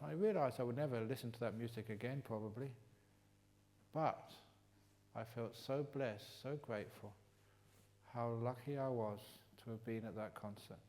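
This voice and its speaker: An older man from England leading a retreat Q&A, teaching in a humorous, teasing way that turns gentle and reflective. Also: medium pitch. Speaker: meditation teacher answering questions. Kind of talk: retreat Q&A talk. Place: retreat hall.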